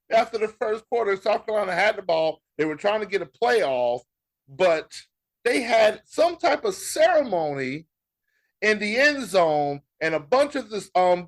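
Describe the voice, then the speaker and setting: An American man co-hosts a casual sports podcast, his voice swinging widely in pitch as he talks. He banters with playful mock exasperation and laughs often. His voice sits a little high for a man. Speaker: podcast co-host.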